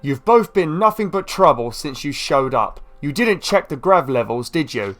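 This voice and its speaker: A man reading the lines of a stern woman leader in a slow, scolding tone. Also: fairly high pitch, very animated, fairly bright tone, faint music behind.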